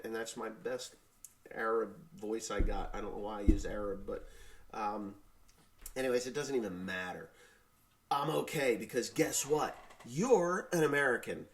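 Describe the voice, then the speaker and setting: A man's voice: lowish voice, normal speed. A farmer vlogging his opinions in a blunt, rambling rant that is full of swearing. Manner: rambling, restarts sentences. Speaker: farmer and YouTuber. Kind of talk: casual opinion vlog.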